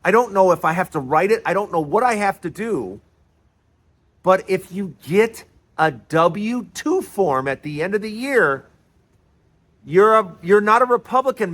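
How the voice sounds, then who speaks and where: Male host, high pitch, emphatic lecturing monologue. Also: lively intonation, unhurried, a bit bright. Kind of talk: opinionated political monologue.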